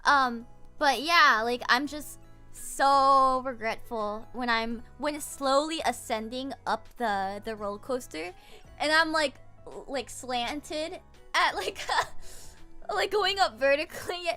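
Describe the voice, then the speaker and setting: High, bright, giggly young woman streamer. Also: takes it slowly, soft background music. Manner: rambling and giggly, full of fillers. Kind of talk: casual stream chat. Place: home streaming setup.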